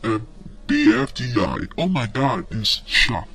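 A whiny, short-tempered boy from a homemade cartoon rants with a sneering, complaining manner, voiced by a man. His voice swings all over the place in pitch. He drawls his words out slowly. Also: big pitch swings, bright, forceful tone, faint music behind, heavily acted. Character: boy ranting about web shows, whiny, short-tempered. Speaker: ranting character.

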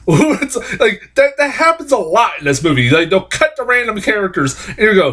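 A man's voice: high-pitched, very animated, moderate pace, sharp tone. Profane rambling man ranting about a film. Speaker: film reviewer. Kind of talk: casual rant review.

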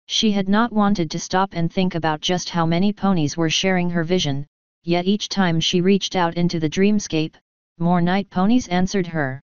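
A woman narrating a fan story in a steady, even reading voice. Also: lowish voice, normal speed, smooth, dry recording, muffled recording. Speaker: fanfiction reader. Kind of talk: audiobook-style story narration.

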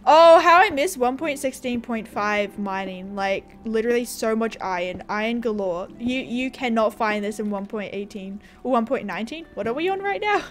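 A woman's voice: fairly high pitch, animated, moderate pace, hardly any pauses, faint music behind. A woman streaming a game live, chatting casually with her chat and giggling often as she plays. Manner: giggly, chatty, talks to chat while playing. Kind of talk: casual gaming livestream chat.

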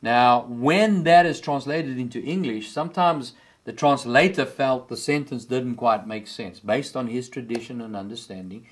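Impassioned South African preacher man. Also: normal speed. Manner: impassioned preaching, rising high on key words. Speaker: pastor. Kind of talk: sermon.

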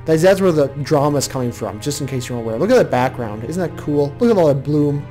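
Gameplay commentary from a crude, sarcastic player cracking jokes over the game, heard over faint game music. The voice sits at a middle pitch and mocks the characters on screen. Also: lively intonation, quick pace, mellow. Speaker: let's play commentator.

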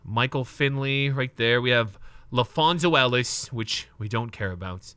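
A young man live streaming as he opens trading card packs, excitable and nervous, talking to his chat and swearing now and then. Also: mid-range voice, measured pace, clear, resonant tone, no echo.

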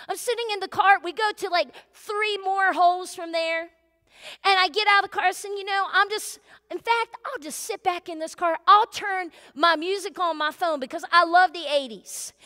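A middle-aged woman pastor telling a story in a sermon, chatty and animated, acting out her family's voices. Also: very high-pitched. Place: church sanctuary. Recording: long hall reverb.

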